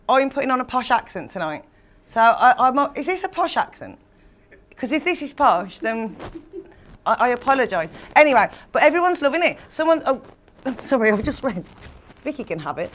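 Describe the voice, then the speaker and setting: A woman with a Black Country accent, a co-presenter reading out comments in a chatty, giggly way. Her voice sits fairly high for a woman and she pokes fun at herself. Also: sing-song, fairly quick, a bit bright, slight background noise. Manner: chatty, self-deprecating, giggly. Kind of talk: casual live chat.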